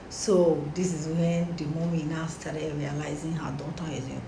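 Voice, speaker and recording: A young woman telling a story casually to her followers, animated and slangy. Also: on the low side, moderate pace, few pauses, slight background noise. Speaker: storytime vlogger. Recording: roomy echo, faint background.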